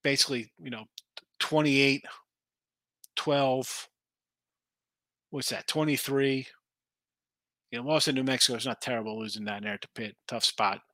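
Guy hosting a betting show, rambly, thinking out loud, crisp bright voice, dead dry sound. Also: mid-range voice, fairly even intonation, measured pace, pauses often, no echo. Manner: rambling, thinks aloud over betting lines. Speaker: sports betting show host. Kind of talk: casual live-stream chat reading viewer picks.

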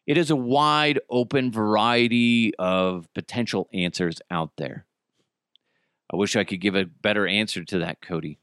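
A man's voice: mid-range voice, a bit bright, no echo, studio quality. A man hosting a solo comedy podcast, rambling and self-deprecating, with frequent swearing. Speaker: podcast host.

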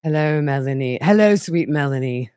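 A woman putting on a monotone, creepy man's voice, slow and flat and sinister. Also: low-pitched, clear, resonant tone, no room sound, clean studio sound. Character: monotone creepy middle-aged man, menacing.

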